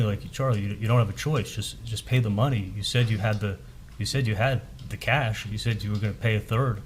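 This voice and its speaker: A man on the witness stand in a courtroom, retelling a conversation in halting speech that repeats words. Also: on the low side, slight background noise, rough recording. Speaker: trial witness. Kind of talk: courtroom testimony.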